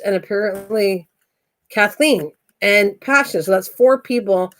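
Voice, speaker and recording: An older woman hosts a craft live stream from home, talking in a loose, rambling way. She mocks herself often and laughs easily, with a voice of ordinary middle pitch. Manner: chatty, self-mocking, quick to laugh. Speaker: craft channel host.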